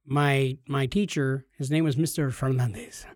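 A man's voice: mid-range voice, fairly even intonation, moderate pace, darkish tone, no room sound, clean studio sound. A man co-hosting a casual podcast, telling stories with a joking manner and slipping into put-on voices. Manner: joking storyteller, puts on voices. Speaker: podcast co-host.

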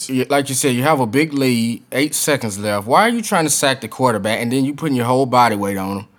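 A man's voice: mid-range voice, quick pace. A man co-hosting a sports talk show, earnest, laying out his argument step by step. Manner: earnest, lays points out step by step. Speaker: podcast co-host. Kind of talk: sports commentary chat.

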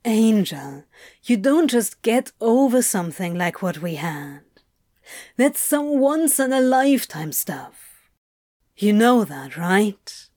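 Woman playing a lovesick tough guy, blunt, earnest, pleading, slow, dry sound. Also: mid-range voice, very animated, a little mellow, dry recording.

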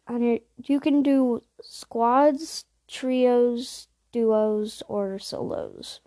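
Casual podcast host, woman, rambly and chatty, mellow voice, a bit high, dry sound. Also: no room sound. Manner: rambling, many fillers and restarts, apologetic asides. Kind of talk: casual chat about video games.

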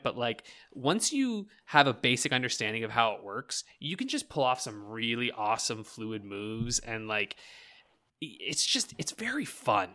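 A man's voice: medium pitch, bright, forceful tone. A man rambling about video games in a casual podcast chat, swearing freely, leaning on "like" and laughing often.

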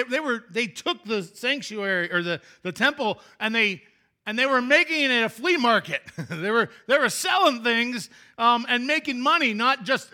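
Bright, high-voiced pastor preaching casually. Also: male voice. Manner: chatty, joking with the congregation, many restarts. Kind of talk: interactive sermon. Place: church sanctuary.

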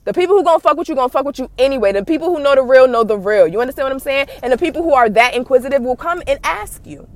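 A woman podcast host, ranting bluntly and profanely in animated commentary. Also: high-pitched, rapid-fire, few pauses, no echo.

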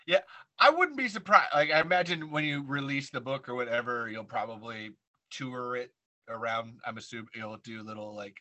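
A man's voice: mid-range voice, moderate pace, poor audio. A man hosting a podcast, chatting casually and joking with his guest. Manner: laughing, joking, animated. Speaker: podcast host. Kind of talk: casual interview chat.

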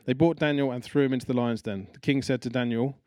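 Man preaching a lively conversational sermon. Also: medium pitch, fast talker, dry recording. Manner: conversational, animated storytelling with acted-out quotes.

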